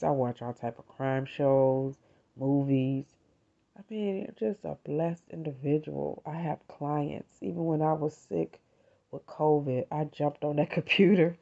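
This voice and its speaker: Woman, middle-aged, podcast host, heartfelt faith talk, mellow dark tone, slightly dull sound. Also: low voice, gravelly. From United States. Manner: heartfelt, conversational, addresses listeners as "you all".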